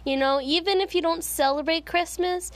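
A woman's voice: very high voice, normal speed. A woman hosting her own podcast, chatting in a personal, rambling way straight to her listeners. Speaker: podcast host. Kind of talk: casual solo podcast chat.

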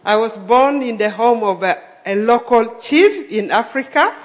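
A woman's voice: on the high side, moderate pace. Ugandan woman speaking in a reverberant hall. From northern Uganda. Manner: plain, sincere, short phrases. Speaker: guest speaker. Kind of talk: speech with live interpreter.

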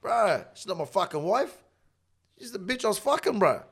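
A man with an Australian accent telling a story in casual talk, swearing constantly and getting loud and laughing as he tells it. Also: sits high, sing-song, normal speed, vocal fry, breathy edge. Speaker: interview guest.

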